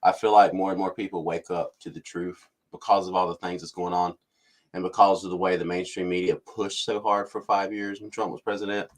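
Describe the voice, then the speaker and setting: A man's voice: deep voice, flat delivery, brisk. A man hosting casual political commentary, ranting and mimicking officials. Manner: ranting, mocks officials in put-on voices. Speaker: commentary channel host.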